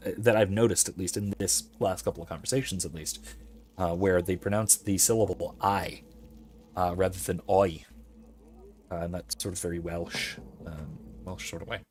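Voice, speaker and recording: Rambling low-voiced male game streamer. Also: moderate pace, a little mellow. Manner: rambling, academic digressions, reads chat aloud. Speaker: let's play host. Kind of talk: casual gameplay commentary.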